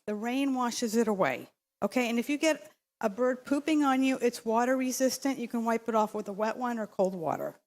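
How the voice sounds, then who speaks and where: Speaking fairly quickly in a slightly high voice, a woman gives public comment at a city council meeting from the podium microphone. She's insistent and meandering, frequently restarting and using many fillers.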